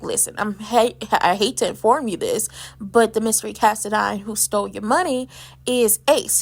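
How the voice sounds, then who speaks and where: A woman's voice: fairly high pitch, creaky. A woman hosting a casual soap opera recap, chatty and sassy, acting out the characters' lines in her own voice.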